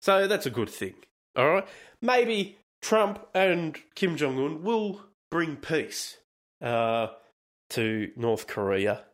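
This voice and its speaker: A man's voice: on the high side, sing-song, slow, a bit bright. A man hosting a casual solo podcast, commenting on news in a profane, rambling, jokey way. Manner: profane, laughing, wandering commentary. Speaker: podcast host.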